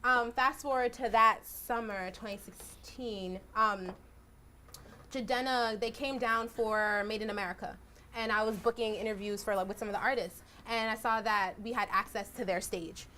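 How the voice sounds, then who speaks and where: A young woman, a journalist, telling stories in a casual, animated way and acting out quotes. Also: fairly high pitch, moderate pace, slight background noise. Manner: animated, acts out quotes with "I was like". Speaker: journalist guest speaker. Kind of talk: casual storytelling talk. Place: lecture hall.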